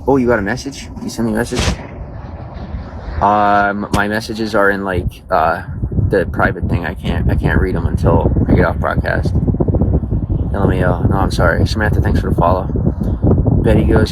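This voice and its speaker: A man's voice: lowish voice, fairly even intonation, normal speed, pauses often, very noisy. A man chatting loosely and slangily to viewers on a live stream, talking straight to them on a phone. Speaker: livestreamer. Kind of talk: casual live-stream chat.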